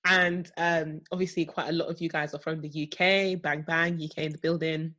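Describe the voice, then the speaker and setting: Bubbly lower-voiced young woman podcaster. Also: steady tone, brisk, bright, forceful tone. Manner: bubbly, playful, jokey asides. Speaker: podcast co-host. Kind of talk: casual chat.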